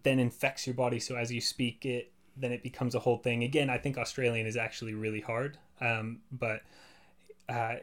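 A man who works as a voice actor, talking at length in a relaxed podcast chat, full of fillers like "like" and "you know". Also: medium pitch, a little fast. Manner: chatty, explains at length with many fillers.

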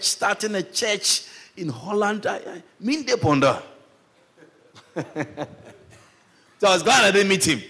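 Male pastor, animated sermon storyteller with a very lively voice. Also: a little high, breathy edge.

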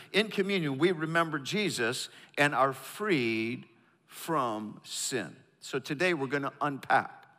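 A man's voice: medium pitch, pushed and bright, big-room sound. A man from the northern United States preaching a sermon, emphatic and calling the congregation to repeat lines after him. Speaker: pastor. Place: large church auditorium.

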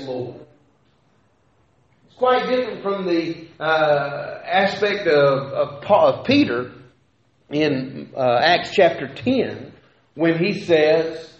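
A man preaching a sermon, talking conversationally with rhetorical questions and frequent restarts. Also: sits high. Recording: echoey hall, dull lo-fi sound.

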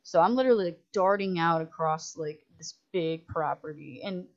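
Woman director as podcast guest, low-ish voice, animated and swearing, dull lo-fi sound. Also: moderate pace. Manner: animated, profane, full of "like" fillers, acts out others' lines. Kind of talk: casual storytelling in a podcast chat. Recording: muffled lo-fi audio.

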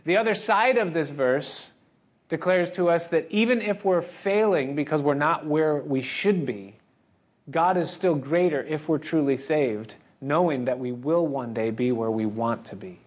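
A male pastor with a slightly high voice speaks unhurriedly, delivering an earnest, expository sermon directly to his congregation. He acts out the inner voices of his listeners.

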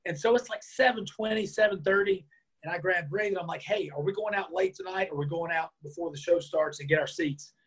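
A man being interviewed, telling a lively anecdote and acting out the lines of the people in it. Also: high voice, a little fast, slightly rough. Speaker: interview guest. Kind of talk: storytelling in a conversation.

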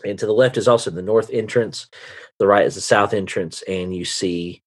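A man's voice: lowish voice, moderate pace. A man narrating a tabletop game as game master, with many ums and hesitations. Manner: hesitant, full of ums and uhs.

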